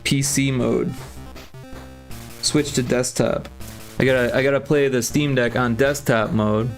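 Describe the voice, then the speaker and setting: A man's voice: medium pitch, steady tone, measured pace, soft background music. A man streaming his game development, chatting casually and thinking aloud with lots of fillers. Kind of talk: casual livestream chat.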